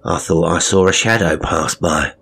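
A man's voice: sits low, normal speed, creaky, a bit bright, a little hiss or hum. A man voicing an uneasy male night orderly who thinks he saw something in a dim corridor. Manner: wary, questioning.

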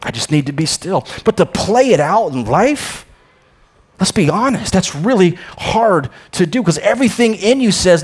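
A male pastor delivers a sermon in a slightly high voice. He swings between ringing, emphatic declarations and hushed, low-pitched asides, often doubling a word as he starts a phrase. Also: sing-song, normal speed, slightly rough. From United States. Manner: repeats words when starting a phrase.

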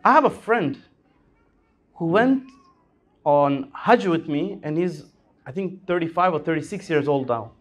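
Impassioned male preacher with sweeping pitch. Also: expressive, measured pace, long pauses. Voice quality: impassioned, rising and falling delivery. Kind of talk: sermon. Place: Islamic center hall.

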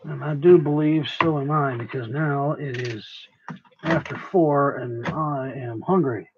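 A man chatting through a livestream while he works with his hands, tired and rambling, swearing freely and poking fun at himself. His pitch sits in the middle. The audio is slightly dull and lo-fi, with faint noise underneath. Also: measured pace. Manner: rambling, profane, self-mocking. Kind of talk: casual livestream chat while crafting.

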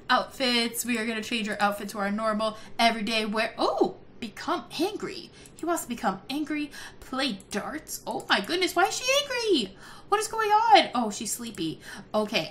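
A woman hosting a let's-play video, giving excitable casual commentary, gasping and laughing often. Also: on the high side, a little hiss or hum. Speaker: gaming video host.

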